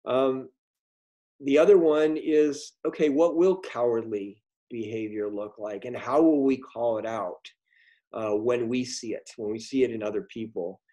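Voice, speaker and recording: A middle-aged man telling a story on a video call, halting, with many ums and restarts. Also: mid-range voice, steady tone, warm tone. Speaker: guest speaker. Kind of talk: storytelling talk in a virtual meeting.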